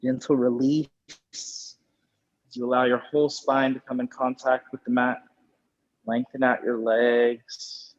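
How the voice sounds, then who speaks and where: A man guiding a yoga class through postures and breathing, with calm, slow spoken cues and spiritual phrasing. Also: mid-range voice, no room sound, highs cut off. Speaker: yoga instructor. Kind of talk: guided yoga class instruction.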